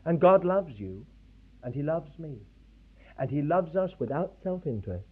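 A high-voiced man preaches with wide swings of pitch, emphatic and full of pauses. His voice is husky, and the old recording sounds thin and tinny, like a phone line. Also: very animated. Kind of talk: sermon.

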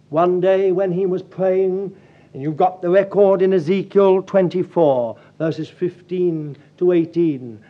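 Husky high-voiced man preaching. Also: muffled recording. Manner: storytelling, animated, acts out quotes. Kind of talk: sermon.

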